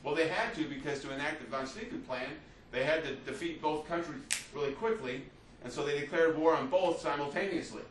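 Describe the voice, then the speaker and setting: A man's voice: on the high side, brisk, a little hiss or hum. A male history teacher giving a conversational classroom lecture, often checking in with "you see" and "right?" as he talks. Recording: roomy, distant, faint ambience.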